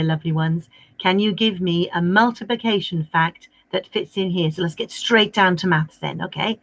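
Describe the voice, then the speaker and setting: Cheery teacher coaxing young pupils. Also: female voice, mid-range voice, no echo. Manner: cheery, coaxing, sing-song teacher talk. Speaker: primary school maths teacher. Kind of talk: livestream lesson for young children.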